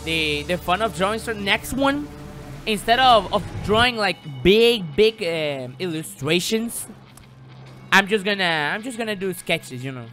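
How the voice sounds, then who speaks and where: A man's voice: high-pitched, very animated, unhurried, fairly bright tone. A man chatting on a live stream while gaming, rambling, stuttering and swearing. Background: game music.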